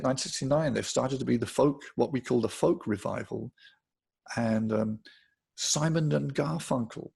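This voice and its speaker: A man's voice: medium pitch, vocal fry, a little mellow, husky. An older man with an English accent, a guitarist, chatting casually in an interview and telling anecdotes, often laughing. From England. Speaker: guitarist guest.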